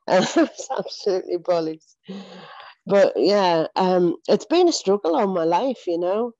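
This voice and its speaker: A woman's voice: on the low side, animated, a little slow, dark tone, dry recording, lo-fi sound. A woman giving an earnest, emotional personal faith testimony, often repeating herself and laughing between phrases. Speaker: church member giving testimony.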